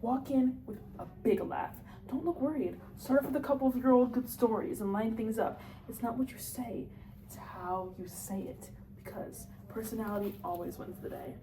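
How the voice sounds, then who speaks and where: A woman's voice: on the high side, reverberant, distant mic, background noise, lightly acted. A woman reading the part of an aging, blustering salesman father in an amateur play read-through, bossy and lecturing. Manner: bossy, lecturing, quick to snap.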